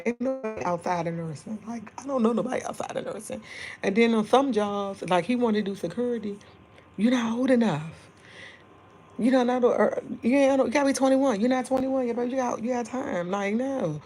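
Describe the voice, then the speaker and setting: A middle-aged woman, chatting casually and rambling with livestream viewers and laughing often. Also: a little high. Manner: speaking softly at times to keep quiet. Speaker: livestream host.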